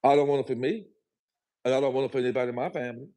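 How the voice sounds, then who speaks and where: A man's voice: medium pitch, racing, warm tone. A man speaking as a guest on a livestream, talking in a preachy, emphatic, motivational way and repeating his phrases. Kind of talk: motivational live chat.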